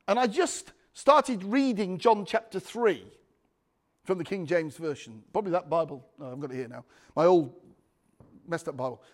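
A man preaching a sermon, telling a personal testimony with frequent restarts and calls for amen. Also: high-pitched. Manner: anecdotal, restarts often, calls for amens.

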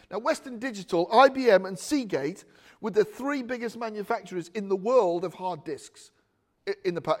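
A man preaching a chatty, joking sermon full of asides. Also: high voice. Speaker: pastor.

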